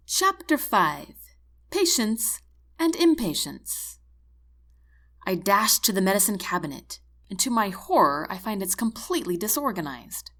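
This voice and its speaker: A woman narrates a first-person novel in an expressive, animated voice of middle pitch. Her delivery moves freely up and down, and she sinks into a hushed whisper for inner thoughts. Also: normal speed. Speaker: audiobook narrator.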